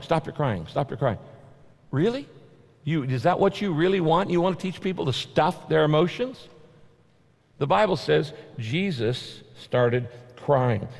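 A man preaching a sermon as pastor, earnest, repeating key phrases and dropping his voice low to stress a point. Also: big-room sound.

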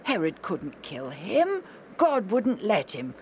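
A woman's voice: mid-range voice, slow, a little hiss or hum, voice pushed up, heavily acted. A woman voicing Joe, a bored, restless boy who grumbles and daydreams eagerly. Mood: insistent. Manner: grumbling, then wistful and excited.

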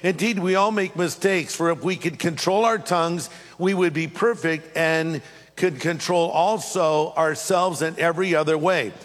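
A man with a high voice delivers a sermon in a reverberant hall. He tells an animated personal story, then slows down to read scripture aloud. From California. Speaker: pastor.

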